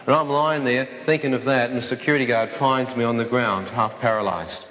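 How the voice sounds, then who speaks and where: A man relating his testimony to an audience in vivid, storytelling fashion, at an everyday pitch. His voice carries through an echoey hall, and the sound is slightly dull. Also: steady tone, brisk. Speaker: speaker giving a testimony. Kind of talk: dramatic personal testimony to an audience.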